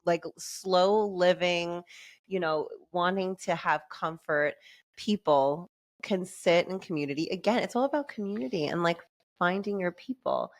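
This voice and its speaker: Chatty woman with a lower voice. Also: a little slow. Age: adult with a son and fiance. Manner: chatty, lots of "like" and restarts, laughs easily. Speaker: podcast guest. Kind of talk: casual conversational interview.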